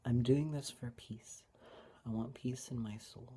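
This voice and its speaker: A tearful woman sharing a personal Bible reflection in a halting, hesitant way, often dropping to a whisper. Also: very deep voice, steady tone, husky. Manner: halting, hesitant, with many restarts; soft-spoken, often drops to a whisper. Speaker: vlogger.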